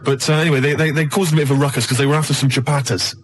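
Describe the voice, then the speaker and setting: A man's voice: medium pitch, steady tone, racing, slight background noise. A man co-hosting a radio show and telling a long, rambling anecdote full of restarts. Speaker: radio co-host. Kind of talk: radio banter.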